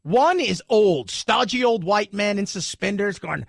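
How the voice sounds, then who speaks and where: A man's voice: a little high, fairly quick, creaky, hardly any pauses, dry recording, studio quality. A man hosting talk radio, giving an opinionated, sarcastic monologue and putting on mocking voices now and then. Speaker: radio talk show host.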